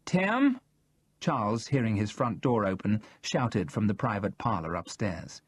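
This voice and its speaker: A man narrating a first-person thriller audiobook in a steady, measured way, read close to the mic. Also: lowish voice, husky, no echo.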